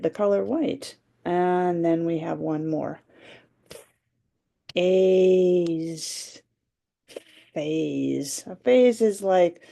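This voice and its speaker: Slow, gravelly-voiced woman teacher. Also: on the low side, mellow. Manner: sounds out words slowly, clear and instructive. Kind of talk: phonics lesson for young children. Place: home or classroom, recording for remote students. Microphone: computer mic during screen share.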